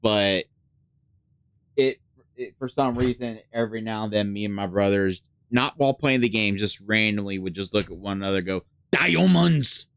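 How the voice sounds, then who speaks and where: Casual gamer host, male, clear voice, dry close sound, chatty and filler-heavy, mutters while thinking. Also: on the low side, normal speed, a bit bright, no echo. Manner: drops to a mutter when thinking aloud. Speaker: gaming channel host. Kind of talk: casual let's play commentary.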